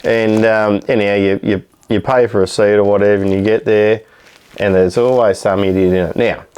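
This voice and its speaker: A man's voice: on the low side, fairly even intonation, brisk, darkish tone, clean tone. A man with an Australian accent co-hosting a podcast, rambling and backing up his mate with frequent yeahs. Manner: backchannels a lot, rambling. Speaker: podcast co-host. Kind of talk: casual podcast chat.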